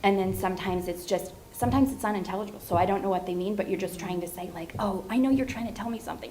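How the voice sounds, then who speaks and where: A woman's voice: medium pitch, fairly even intonation, fast, hardly any pauses, warm tone, slight background noise, rough recording. Woman speech therapist explaining thoughtfully. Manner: thoughtful, explanatory, acts out children's phrases. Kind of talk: panel discussion.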